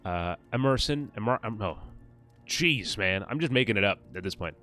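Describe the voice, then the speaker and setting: Let's play host, man, very low voice, casual reads of game notes, stumbles and swears, light game music behind. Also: animated, moderate pace, pushed and bright. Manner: stumbles over fantasy names, casual swearing. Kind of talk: casual gameplay commentary, reading in-game notes aloud.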